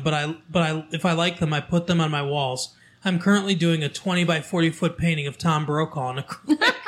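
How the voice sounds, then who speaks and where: A man hosting a local show, reading from a newspaper in casual chat, halting with fillers and restarts as he goes. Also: a little high, a bit bright.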